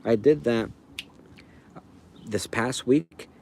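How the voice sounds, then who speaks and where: A man's voice: mid-range voice, very slow, gravelly, darkish tone, a little hiss or hum. A man hosting a livestream outdoors, rambling casually and answering viewers in chat by name. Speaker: livestream host. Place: outdoors by a fire.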